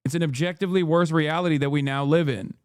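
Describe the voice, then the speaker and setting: A man's voice: a little high, steady tone, fast, clean tone, no room sound, studio quality. A man in his thirties hosting a live-stream reaction, ranting sarcastically and reading chat messages aloud. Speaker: streamer host.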